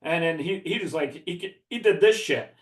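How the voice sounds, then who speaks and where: A Chicago-area man, appearing as a podcast guest, tells a profane story during a casual chat and laughs as he talks. His voice sits on the high side and moves at a normal speed. The room has an echo.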